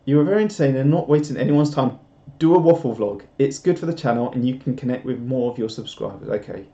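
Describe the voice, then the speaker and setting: A young man reads viewer comments aloud on his live stream, chatting in a rambling, self-mocking way. His mid-range voice is mellow and quick, captured in roomy, slightly dull home audio.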